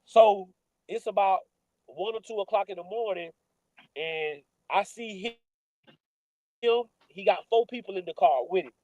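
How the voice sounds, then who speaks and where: A man in his forties with a fairly high, mellow voice, recounting a personal story as a football coach on a sports talk show. He speaks casually, often pausing on "uh" and restarting his sentences. The sound is close and dry. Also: dry recording, low-quality recording. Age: 40s. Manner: conversational, many filler "uh"s and restarts.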